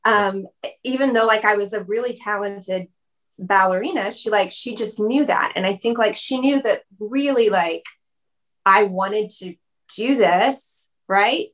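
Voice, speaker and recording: A woman in a casual interview, telling her story in a loose, chatty flow. Her voice sits at an ordinary middle pitch, and she scatters "like" through her sentences and breaks into quick laughs. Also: a bit bright. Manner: chatty, fillers of "like", laughs often. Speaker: guest.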